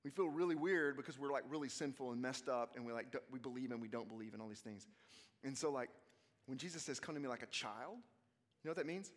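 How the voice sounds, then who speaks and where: Animated preacher in a reverberant hall. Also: male voice, medium pitch, quick pace. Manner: animated, swings between hushed and loud, acts out quotes. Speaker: youth conference speaker. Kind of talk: energetic sermon.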